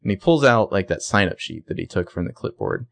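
A man co-hosting a casual podcast, recapping a TV episode and acting out the characters' lines in quick voices. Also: low voice, expressive, creaky, no room sound. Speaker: podcast co-host.

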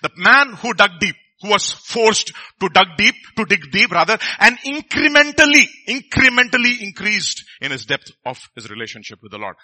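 A man's voice: high-pitched, sing-song, normal speed, few pauses, sharp tone. A middle-aged man, preaching a sermon in a conversational way and often asking the congregation questions.

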